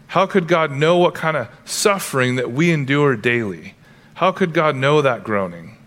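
A man's voice: mid-range voice, lively intonation, moderate pace, fairly bright tone. A male pastor preaching a sermon, earnest and emphatic, breaking into playful asides now and then.

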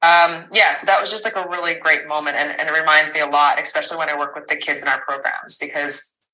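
A woman's voice: deep voice, fairly even intonation, fast talker, pushed and bright, rough recording. A woman in her thirties, a podcast guest, tells a personal story candidly, rambling with fillers and restarts and an occasional swear word.

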